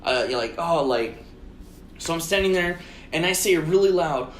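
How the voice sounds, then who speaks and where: A man co-hosting a podcast, telling a story in casual chat, swearing constantly and acting out his own shouted lines. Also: fairly high pitch, a little slow, slight background noise. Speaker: podcast co-host. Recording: roomy echo.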